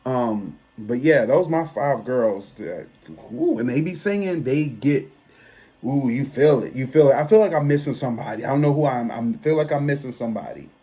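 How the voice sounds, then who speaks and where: A man, giving a chatty, expressive album review that often trails off and restarts. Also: medium pitch, normal speed, slightly rough. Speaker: tarot reader and music reviewer. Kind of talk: casual album review monologue.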